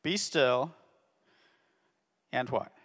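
A man's voice: medium pitch, very slow, fairly bright tone, husky. A man telling a Bible story to children as a ministry teacher, constantly checking in with "okay?". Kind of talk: Bible story lesson for kids. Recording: long reverb of a hall.

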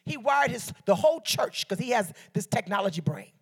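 High-voiced woman preaching a sermon. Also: big pitch swings, brisk, gravelly, husky. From Detroit. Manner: call-and-response preaching, storytelling asides. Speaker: guest preacher.

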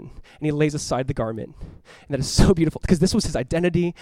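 A man preaching a sermon as pastor, animated, acting out voices and swinging from loud cries to hushed, earnest tones. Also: fairly high pitch, fast, hardly any pauses, dry recording. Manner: animated, acts out voices of the crowd and the blind man.

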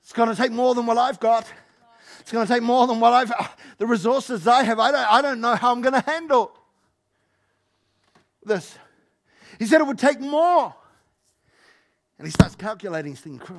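Animated high-voiced male pastor. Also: a little fast, vocal fry. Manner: animated, acts out Bible figures, jokes with the congregation. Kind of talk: sermon. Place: church hall.

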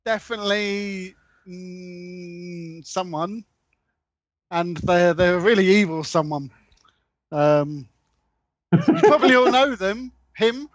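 High-voiced drawling man, dry muffled sound. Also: slow pace, pauses often, no echo. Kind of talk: casual chat among friends.

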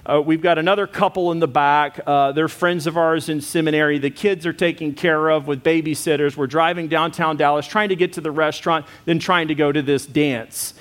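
Animated middle-aged male preacher. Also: a little fast, hardly any pauses. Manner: animated storyteller, acting out scenes with loud high voices. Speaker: pastor. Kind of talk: sermon with a personal story.

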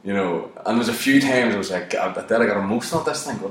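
A man in his thirties with a fairly low voice tells a profane comic story, swearing through almost every line. He jumps his voice up when he quotes shouts. He sounds set back from the microphone in a strongly echoing room. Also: fast talker, hardly any pauses. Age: 30s. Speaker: comedian. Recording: very echoey room, mic at a distance.

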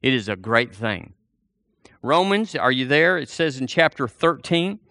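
A man's voice: medium pitch, big pitch swings, unhurried, bright, forceful tone, no echo, clean studio sound. A man preaching a fervent sermon, repeating phrases and drawing the congregation in. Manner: fervent, repetitive preaching with call-and-response.

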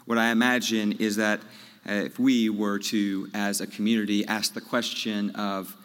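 A man preaching a sermon as pastor, telling a story in a measured way before leading his congregation in prayer. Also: fairly low pitch, level tone, a bit bright, smooth. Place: large church sanctuary. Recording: long church reverb.

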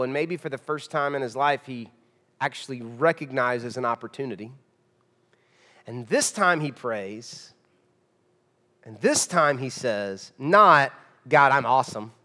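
Pastor preaching in a reverberant church. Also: male voice, fairly high pitch. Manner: conversational, emphatic, shifts between loud and hushed. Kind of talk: sermon.

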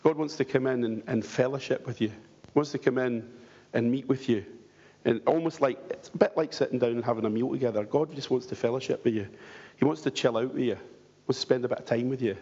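Pastor guy preaching in a big echoey church, raspy gravelly voice, lo-fi muffled sound. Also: mid-range voice, moderate pace, warm tone. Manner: earnest, pleading, rhetorical questions. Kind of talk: sermon. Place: church hall. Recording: dull lo-fi church hall recording with long reverb.

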